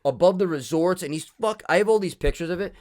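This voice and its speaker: This young man, co-hosting a podcast, chats casually through a meandering story full of curses and fillers. He talks fast, with a high pitch and a darkish tone.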